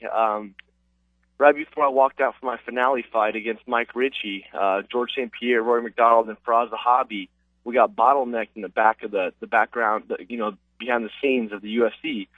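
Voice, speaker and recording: A man's voice: mid-range voice, fairly even intonation, a little fast, no room sound. A man, an MMA fighter, telling stories casually over the phone with lots of fillers. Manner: casual, rambling with many fillers. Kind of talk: phone interview storytelling. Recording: distant tinny phone line.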